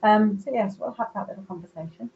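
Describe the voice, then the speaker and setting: A woman's voice: medium pitch, fast talker, a little mellow, dull audio, a little hiss or hum. Rambling woman medium. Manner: chatty, rambling, searching for words. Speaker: psychic medium. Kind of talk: live online reading.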